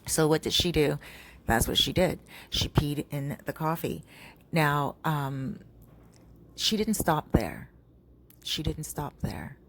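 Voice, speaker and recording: A woman's voice: deep voice, expressive, slow, long pauses. A woman telling a gossipy story in a casual, chatty way, often stopping to correct herself and filling gaps with "um" and "like". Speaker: storyteller vlogger.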